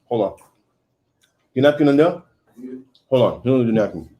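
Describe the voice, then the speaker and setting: A man's voice: mid-range voice, animated, moderate pace, highs cut off. A man in his thirties from Haiti, hosting a casual livestream, chatting and reading viewer comments aloud. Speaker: livestream host.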